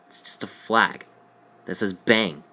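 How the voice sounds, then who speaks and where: Young male vlogger, low-pitched, casual rambling comic storyteller, jokey asides. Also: slow pace, pushed and bright.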